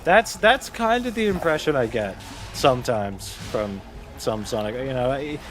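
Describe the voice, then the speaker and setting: A man's voice: medium pitch, lively intonation, measured pace, soft background music. A man hosting a casual gaming chat while he plays, rambling and hedging his words with laughs. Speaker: gaming channel host.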